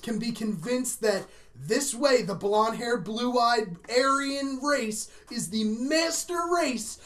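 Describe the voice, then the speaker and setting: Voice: mid-range voice, slow, fairly bright tone. A person in casual podcast banter, talking sarcastically. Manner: sarcastic, laughs often.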